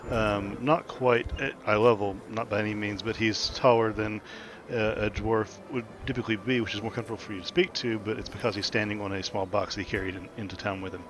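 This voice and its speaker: Man game master, low voice, rambling narration, noisy line. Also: fairly even intonation, fast. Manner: rambling, many restarts and ums.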